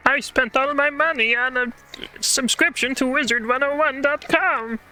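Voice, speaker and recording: A squeaky, very high and bright goofy cartoon man, as a woman puts him on over a call, silly and overdone. Game music hums faintly behind him. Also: slow pace, exaggerated voice, low-quality recording. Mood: bragging. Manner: silly, exaggerated.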